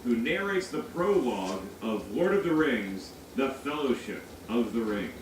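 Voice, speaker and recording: A man's voice: mid-range voice, very animated, a little slow. A man hosting a casual reaction chat, joking and counting down answers playfully. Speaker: reaction show host. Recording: echoey room, distant mic, background noise.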